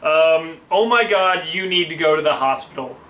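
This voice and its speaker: A young man retells a friend's story with wry asides and loose, rambling tangents. His voice is bright and sits a little high. The recording is echoey, with a faint hiss behind it. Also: moderate pace. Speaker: host reading a friend's story. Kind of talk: casual comedic storytelling. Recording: echoey room with faint noise.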